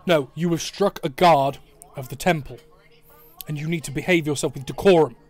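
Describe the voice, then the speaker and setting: A man voicing a stern, dutiful temple guard who speaks formally and slowly, over an online call. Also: on the high side, no room sound, natural voice. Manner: formal, stern, slow and measured.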